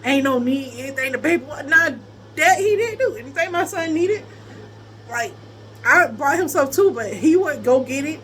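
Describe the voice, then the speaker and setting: Woman, high bright voice, lively storytelling, frequent laughs, faint hum behind. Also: moderate pace. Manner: animated, laughs often, breaks into high laughing squeals. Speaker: vlogger telling a personal story. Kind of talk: casual storytelling chat.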